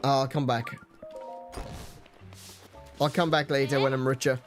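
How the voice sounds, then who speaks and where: A man's voice: mid-range voice, level tone, unhurried, faint music behind. A man casually commenting as he plays a video game, musing aloud and correcting himself as he goes. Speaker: let's play host.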